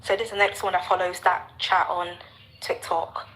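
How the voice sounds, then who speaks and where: A woman's voice: on the low side, little pitch movement, normal speed, a bit bright, slight background noise, rough recording. A woman joining a live chat as a guest, thinking aloud and often apologizing. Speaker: guest sharing screenshots. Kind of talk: casual live chat discussion.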